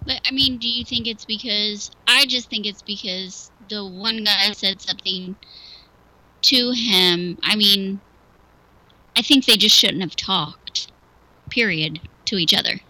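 Bright-voiced, hedging female radio co-host. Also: mid-range voice, a little slow, rough recording. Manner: hesitant, hedging, many "I mean"s. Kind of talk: local talk radio banter. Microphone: studio microphone.

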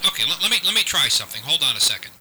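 A man's voice: on the high side, very animated, racing, pushed and bright, breathy edge, poor audio. A man hosting a live call-in radio show, talking close to a studio mic, earnest and repeating himself with many restarts. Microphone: close studio microphone.

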